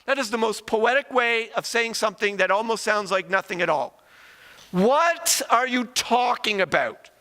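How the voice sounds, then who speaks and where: A man's voice: high-pitched, animated, normal speed, pushed and bright. A male pastor from Canada preaching a sermon, firing rhetorical questions with emphasis, recorded in a church sanctuary. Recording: long reverb of a church hall.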